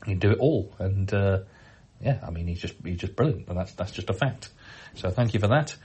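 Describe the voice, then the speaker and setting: A middle-aged man hosting a podcast, reading out listener emails in a relaxed, chatty way with frequent hesitations. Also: deep voice, fairly quick, husky. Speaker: podcast host.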